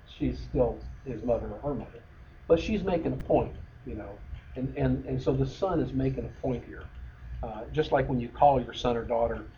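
A middle-aged male pastor preaching in an easygoing, talky way, stopping to restart his sentences. His voice is mellow and relaxed. The recording is dull and lo-fi, with a faint hiss. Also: mid-range voice, normal speed. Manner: conversational, many fillers and restarts. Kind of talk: sermon. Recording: dull lo-fi sound with faint noise.

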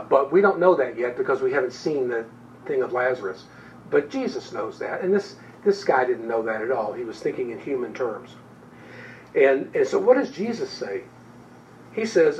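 Guy leading bible study, chatty with lots of ums, mic far off and kinda muffled. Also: medium pitch. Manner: conversational, with many fillers and restarts. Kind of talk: informal Bible teaching. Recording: distant, dull room recording with faint background noise.

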